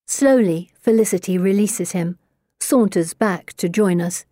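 A woman reading a first-person audiobook in a measured, even way. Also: mid-range voice, no echo, clean studio sound. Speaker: audiobook narrator. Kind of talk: scripted first-person narration.

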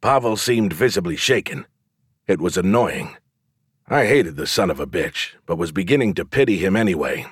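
Man reading a fantasy audiobook, lowish voice, dead dry studio sound, calm and thoughtful. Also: normal speed, husky, no echo. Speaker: audiobook narrator. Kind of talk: first-person fantasy audiobook narration.

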